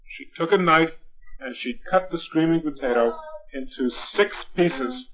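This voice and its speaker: A man telling a bedtime story to his young child, patient and gently firm, on a dull lo-fi home recording. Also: on the high side, expressive, a little slow.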